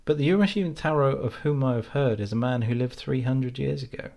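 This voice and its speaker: A man's voice: mid-range voice, fairly quick, gravelly, a little mellow, lightly acted. A man doing an incredulous village man. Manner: incredulous, insistent. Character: bewildered village man, mocking then grave.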